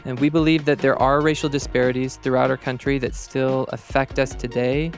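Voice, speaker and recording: A man's voice: mid-range voice, flat delivery, fairly quick, soft background music. A man appearing as a podcast guest, talking in an earnest, thoughtful way. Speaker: podcast guest, co-host of another show. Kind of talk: conversational podcast talk.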